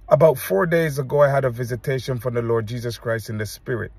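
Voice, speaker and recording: A man preacher giving an earnest, halting testimony to camera, often restarting his sentences as he recounts visions. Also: medium pitch, fairly even intonation, darkish tone, slightly rough, dry recording.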